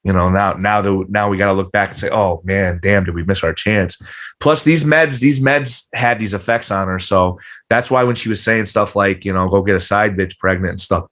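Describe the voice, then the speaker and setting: Low-voiced man speaking earnestly. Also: moderate pace, fairly bright tone. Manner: earnest, repeats words as he thinks. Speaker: podcast guest. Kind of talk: reflective conversation.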